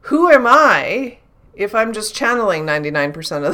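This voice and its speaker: Woman, intuitive channeler, solo reflective talk, bright clear tone, halting and self-questioning. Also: mid-range voice, big pitch swings, slight background noise. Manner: thinks aloud, self-questioning, frequent restarts.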